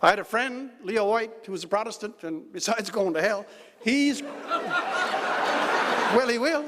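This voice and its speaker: Guy telling dry jokes at a dinner, kinda high voice, big echoey hall. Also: a bit bright, a little hiss or hum. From Newfoundland, Canada. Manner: wry storytelling with dry jokes. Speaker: keynote speaker. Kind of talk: after-dinner speech. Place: large banquet hall. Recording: hall reverb. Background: audience laughter.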